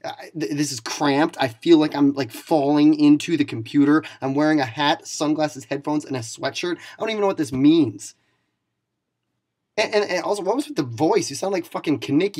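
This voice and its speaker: A man's voice: on the high side, normal speed, a little mellow, slightly rough. Foul-mouthed ranting young man. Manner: profane, insulting, mock-angry; sarcastic. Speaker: league commissioner character reviewing videos. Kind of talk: scripted comedic rant to camera.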